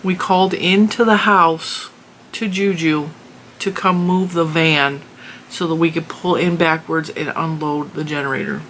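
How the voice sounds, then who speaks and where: Bright-voiced woman telling a story. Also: low-pitched, measured pace, a little hiss or hum. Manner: animated, exasperated retelling with laughs. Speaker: crafting channel host. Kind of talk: casual storytelling.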